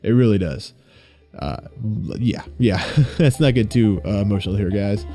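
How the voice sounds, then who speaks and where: Young guy ranting bout games on his podcast, low mellow voice, swears a lot, dry mic, faint music under. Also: moderate pace, dry recording. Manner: rambling, swears freely, gets worked up venting. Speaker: podcast host and streamer. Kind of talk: casual solo gaming podcast.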